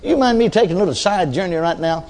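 A man's voice: sits high, expressive, fast talker, a little mellow, a little hiss or hum. A man preaching a storytelling sermon in a folksy, chatty way, with chuckling asides and frequent "you see" tags. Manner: many restarts and filler tags like "you see".

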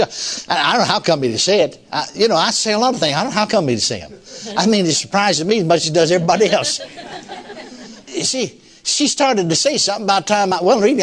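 Yeah older guy preaching, kinda high voice, chuckling, lots of "you see". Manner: folksy, chuckling often, fillers like "you see". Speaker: pastor. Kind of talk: sermon storytelling.

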